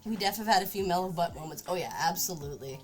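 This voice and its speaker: A woman's voice: on the low side, fast talker, faint music behind. A woman streamer chatting casually while crafting at home, often cooing at her cat. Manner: chatty, talks baby-talk to her cat. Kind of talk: casual livestream chat.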